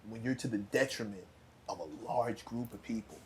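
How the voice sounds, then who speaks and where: A man co-hosting a podcast, putting a thoughtful question to a guest and letting his voice trail off softly. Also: fairly low pitch, moderate pace, a little hiss or hum. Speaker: co-host. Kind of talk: podcast discussion.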